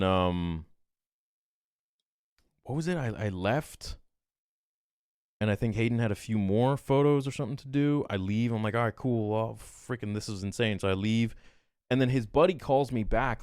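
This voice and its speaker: A man's voice: on the low side, clear, resonant tone, no room sound, clean studio sound. A man, a podcast guest, telling a story in casual talk and acting out quoted exchanges with animation. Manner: animated, quotes himself and others in quick exchanges.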